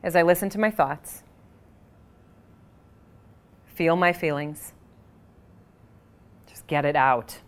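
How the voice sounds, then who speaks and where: A woman with a fairly low voice leads a guided tapping session. She speaks calmly and at a measured pace. She guides the listener's breathing with audible sighs. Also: clear, resonant tone.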